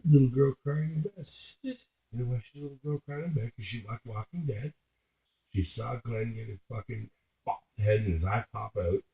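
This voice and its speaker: A man's voice: lowish voice, gravelly. A man telling a meandering, profane story in casual chat, often restarting mid-sentence. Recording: echoey room on a tinny phone-like line.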